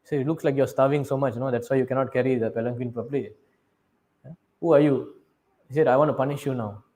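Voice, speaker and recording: A man's voice: mid-range voice, quick pace. A middle-aged man giving a sermon in slightly non-native English, telling stories, acting out the characters' lines and asking his listeners questions. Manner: animated storyteller, asks the audience questions, acts out quoted dialogue. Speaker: preacher giving a scripture class. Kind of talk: sermon, storytelling.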